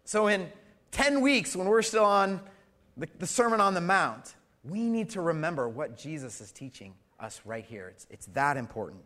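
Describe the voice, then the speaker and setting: A middle-aged male pastor preaching a sermon, swinging between loud emphatic lines and soft hushed ones, asking the congregation questions with light humor. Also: fairly high pitch, big pitch swings, moderate pace.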